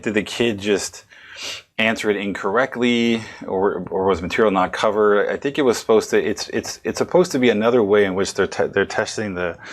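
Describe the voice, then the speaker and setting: Low-voiced rambling male lecturer. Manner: rambling, self-correcting, conversational. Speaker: psychology lecturer. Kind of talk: recorded lecture.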